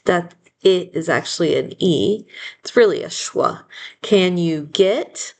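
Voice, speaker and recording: A woman's voice: lowish voice, slow pace, vocal fry, darkish tone. Patient woman teacher dictating syllables. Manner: patient, splits words into syllables aloud; self-correcting, apologetic asides. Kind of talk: phonics lesson, slow dictation.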